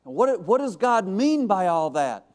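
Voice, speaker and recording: Man preaching with dramatic hushed dips. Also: sits high, very animated, measured pace. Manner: dramatic shifts to hushed, soft delivery for quiet passages; stumbling restarts and repeated words. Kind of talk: sermon. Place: church sanctuary.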